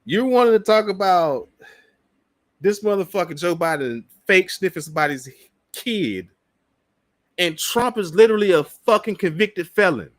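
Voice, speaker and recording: A man's voice: sits high, lively intonation, moderate pace, fairly bright tone, no echo, studio quality. A man hosting a political reaction show, ranting with heavy profanity and scornful laughs. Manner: heated, swearing, laughing scornfully. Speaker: political commentary host.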